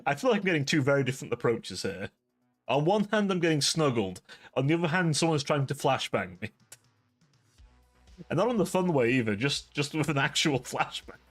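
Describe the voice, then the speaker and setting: A man's voice: fairly high pitch, sing-song, a little fast, soft background music. A young man hosting a live stream, chatting casually with his chat, rambling and laughing at himself. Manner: giggly, rambling, self-deprecating. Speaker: livestream host.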